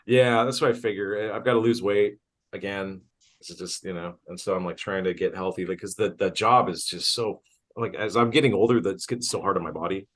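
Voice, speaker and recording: A man's voice: low voice, fairly quick. A man hosting a podcast, a tattooer who swears a lot and jokes, tired. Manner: swearing, joking, animated. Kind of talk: casual podcast chat.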